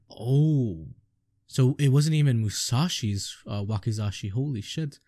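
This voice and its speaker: Young guy reading manga out loud, cussing n gasping, low mellow voice. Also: unhurried, no echo, clean studio sound. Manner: swears often, awed exclamations. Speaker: streamer. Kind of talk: reading a manga aloud with live reactions.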